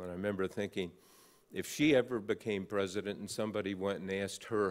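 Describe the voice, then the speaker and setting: A man in his sixties, with a lowish voice and steady tone, gives an award acceptance speech at a podium on stage in a large banquet hall. He tells an anecdote haltingly, with many "uh" fillers and dry, wry humor.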